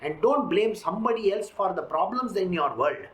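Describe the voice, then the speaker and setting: A spiritual teacher giving an emphatic scripture lecture, full of rhetorical questions and lively storytelling. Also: mid-range voice, normal speed. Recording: roomy echo, faint background hiss.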